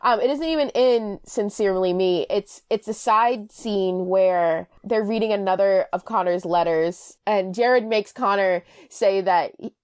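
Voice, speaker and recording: Animated young woman podcaster, dry sound. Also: mid-range voice, clear, resonant tone, dry recording. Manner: animated, quick asides, self-correcting. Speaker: podcast co-host. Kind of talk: casual chat.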